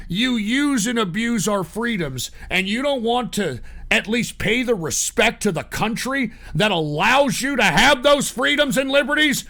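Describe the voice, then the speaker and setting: A high-pitched man with a gravelly, rough edge and a sharp, tense tone. He rants in a profane, angry stream and keeps breaking into loud shouted outbursts. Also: expressive, moderate pace, hardly any pauses. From Texas. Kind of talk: angry political rant.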